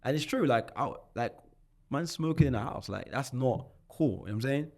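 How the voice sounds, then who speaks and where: Animated young London man telling stories. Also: mid-range voice, brisk, gravelly. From London, England. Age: 20s. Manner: animated, slang-heavy, many restarts and repeats. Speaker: guest. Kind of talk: telling his life story in a podcast interview.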